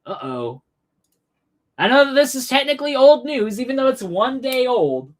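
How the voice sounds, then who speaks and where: This man's voice is very high, his pace moderate. On his political livestream he delivers profane commentary through animated, sarcastic rants, with lots of swearing and mock outrage.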